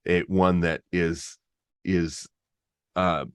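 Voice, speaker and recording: Very deep-voiced man, halting speech. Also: flat delivery, smooth, no echo, clean studio sound. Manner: halting, restarts often, laughs easily. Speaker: podcast guest. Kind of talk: casual conversation.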